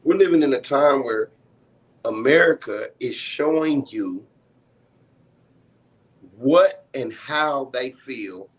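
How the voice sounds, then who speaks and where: This panelist talks slowly with frequent pauses, his mid-range voice lively in intonation and breathy at the edges. He gets heated and passionate on the talk show, cursing a lot, then says sorry after each outburst in the casual discussion.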